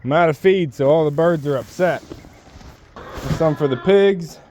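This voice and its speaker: A man's voice: on the high side, unhurried, mellow. Man narrating farm chores outdoors. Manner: chatty, talks to his animals while working. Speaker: homestead vlogger. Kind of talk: casual chores narration to camera. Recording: dull lo-fi outdoor sound, faint ambience.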